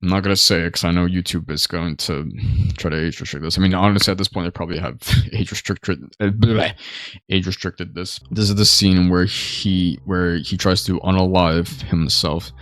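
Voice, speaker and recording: A man giving a casual, rambling movie review, full of fillers like "you know" and "like," getting excitable when he retells the scary parts. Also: sits low, normal speed, no room sound, studio quality. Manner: excitable, voice jumps up when recounting scary scenes.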